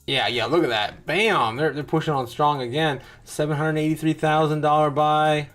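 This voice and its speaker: A man's voice: on the high side, steady tone, moderate pace, a bit bright, soft background music. A man hosting a show, giving rambling, wry, casual live commentary as he reacts to charts. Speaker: crypto show host.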